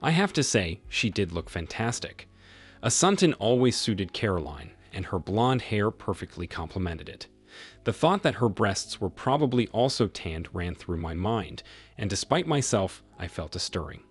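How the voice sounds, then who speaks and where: Husky, lively-voiced male storyteller. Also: fairly low pitch, normal speed. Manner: dry, sarcastic storytelling. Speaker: narrator. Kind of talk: scripted narration. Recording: faint music underneath.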